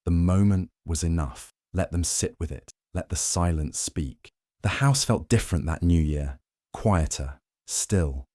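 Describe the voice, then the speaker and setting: A man reading a scripted first-person story in an even, measured way. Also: deep voice, no echo, studio quality. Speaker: story narrator.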